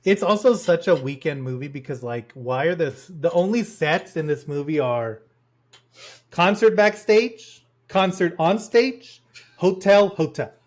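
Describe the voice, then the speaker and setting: A man with a fairly high voice talks through a film in a relaxed podcast chat. He retells scenes quickly and animatedly, slipping into quoted lines. The mood is loose and conversational. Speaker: podcast host. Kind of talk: casual film review chat.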